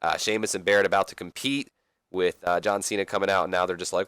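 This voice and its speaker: A man's voice: sits low, fairly even intonation, fast talker, fairly bright tone, clear, resonant tone, dry recording, clean studio sound. A man hosting a gaming channel, giving casual, rambling game commentary and correcting himself as he talks to viewers.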